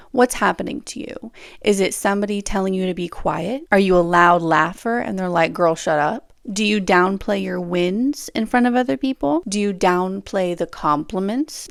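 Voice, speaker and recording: A young woman giving casual podcast advice in a lively, chatty voice. Her tone has a gravelly fry running through it, and she laughs often and acts out little quotes. The sound is dry and close. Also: medium pitch, dry recording. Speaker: podcast host.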